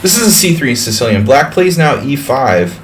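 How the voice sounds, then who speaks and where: A man's voice: medium pitch, sing-song, normal speed, slight background noise. A man streaming live, giving casual, chatty chess commentary. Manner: chatty, rambling.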